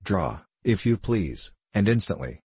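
A man's voice: low voice, big pitch swings, measured pace, a little mellow, slightly rough, no echo, heavily acted. A man reading the part of a mild, coldly polite young musketeer in an audiobook. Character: mild, cool-tempered young male musketeer.

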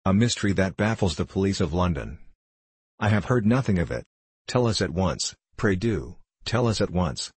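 A nervous, excitable gentleman politician, talking eagerly in a low voice, as a male reader voices him. The tone is husky, and the sound is dry and close. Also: normal speed, no room sound. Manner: eager, tense.

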